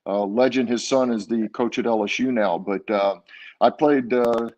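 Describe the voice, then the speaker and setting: A man's voice: mid-range voice, steady tone, normal speed, darkish tone, highs cut off. An older man, a former ballplayer, recounting his career in a casual interview with many fillers and restarts. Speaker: guest, former baseball player.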